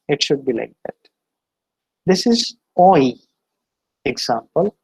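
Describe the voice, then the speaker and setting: A man lecturing on phonetics, slowly and deliberately sounding out example words. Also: on the high side, animated, a little mellow, slightly rough, poor audio. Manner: slow, deliberate, repeats example words aloud. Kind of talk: classroom lecture on pronunciation.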